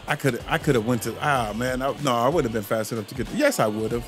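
A man giving excited, trash-talking commentary while playing a baseball video game, talking straight to his viewers. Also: mid-range voice, quick pace, music in the background.

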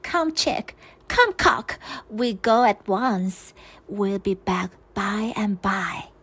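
A woman voicing a sly, know-it-all female cat in a storybook, mewing in a high piping put-on voice. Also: expressive, takes it slowly, fairly bright tone, breathy edge, exaggerated voice. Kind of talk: storybook voice acting.

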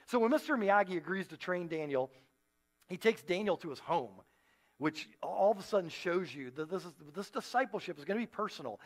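Man, pastor, sermon, high-pitched, animated storytelling, playful asides. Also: fairly quick. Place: church stage.

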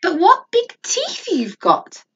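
A woman giving voice to a plucky little storybook girl, high and bright, who is polite but stands her ground. The voice moves through a lively range of pitch. The recording sounds slightly dull, with faint ambient noise. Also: unhurried. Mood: curious.

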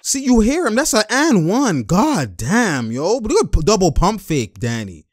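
A young man hosting casual game-watching commentary, animated and full of exclamations and laughter. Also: high voice, moderate pace, noisy background. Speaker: host.

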